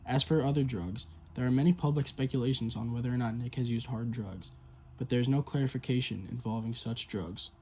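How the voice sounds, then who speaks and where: A man reading a documentary narration in a steady, read-aloud way. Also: mid-range voice, fairly quick, hardly any pauses, slight background noise. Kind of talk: scripted narration.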